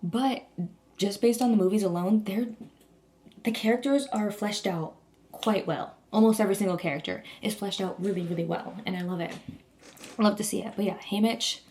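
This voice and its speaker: Young woman vlogger, casual chat, gushing and rambling, average pitch. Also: moderate pace, darkish tone, slight background noise. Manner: gushing, rambling, heavy use of "like".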